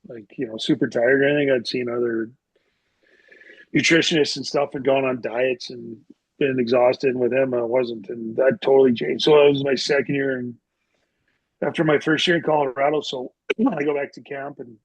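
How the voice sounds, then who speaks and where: A middle-aged Canadian man, a retired hockey player, rambles through stories as a guest on a podcast, his speech full of "like" and restarts. His husky voice sits at medium pitch with fairly even intonation and a moderate pace. The audio is poor but has no echo, fitting a casual storytelling interview.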